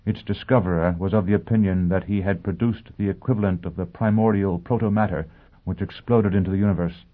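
A man's voice: low voice, a little fast. Man voicing a haughty older tycoon, frantic or droning, audiobook, phone-like sound. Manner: shifts from frantic to droning monotone.

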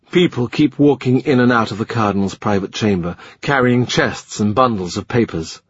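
A man narrating a historical novel in a measured, literary reading style. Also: mid-range voice, husky, no room sound. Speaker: audiobook narrator. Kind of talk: scripted narration. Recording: slightly muffled dry recording.

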